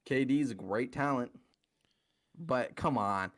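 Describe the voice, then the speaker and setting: A man's voice: mid-range voice, sing-song, measured pace, a bit bright. A man ranting hotly on a podcast. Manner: heated, profane ranting. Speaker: podcast co-host. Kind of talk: casual sports chat.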